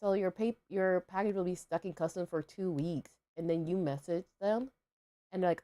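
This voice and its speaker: Low-voiced woman chatting casually. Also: normal speed, warm tone. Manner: rambling, filler-heavy, self-questioning. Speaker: livestream host. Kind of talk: casual chat while gaming.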